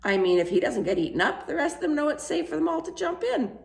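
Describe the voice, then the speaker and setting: A woman voicing an enthusiastic middle-aged house painter who dreams of penguins, in a gravelly, eager, wondering way, reading a storybook aloud. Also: sits high, big pitch swings, fast talker, pitched above the performer's own voice, full character voice. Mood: explaining. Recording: roomy echo.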